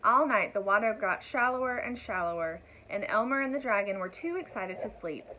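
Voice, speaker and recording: A woman reading a picture book aloud to children in an expressive voice, turning to her young listeners with asides. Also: mid-range voice, brisk, highs cut off. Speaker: storyteller.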